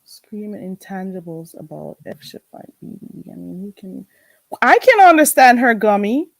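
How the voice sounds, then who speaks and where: A woman with a Caribbean accent hosting a casual livestream chat, emphatic and animated, often laughing as she talks. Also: medium pitch, normal speed, gravelly. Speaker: livestream host.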